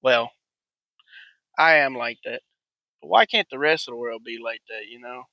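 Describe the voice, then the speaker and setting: A man's voice: mid-range voice, normal speed, vocal fry, no echo, dull audio. A man, hosting a profane, blunt, rambling monologue. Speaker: podcast host. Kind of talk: ranting monologue.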